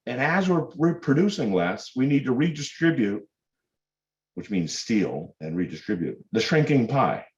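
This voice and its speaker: A man's voice: medium pitch, sing-song, unhurried, a little mellow. A man giving a public lecture to students, emphatic and full of sarcastic rhetorical questions. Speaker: guest lecturer. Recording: dull lo-fi lecture recording.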